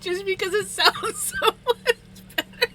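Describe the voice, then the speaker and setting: Woman, streamer, slow and bright, laughs a lot between words; easygoing live chat. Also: extremely high pitch, wildly swooping pitch, a little hiss or hum, rough recording. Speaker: livestreamer. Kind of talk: casual chat with viewers while spinning wool. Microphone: streaming setup.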